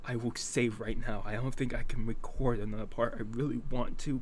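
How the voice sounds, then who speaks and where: A young man talking to camera after watching an anime episode, halting and close to tears, swearing and restarting his sentences. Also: medium pitch, level tone, a little mellow, slight background noise. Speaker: anime reaction channel host. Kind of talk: emotional reaction talk to camera.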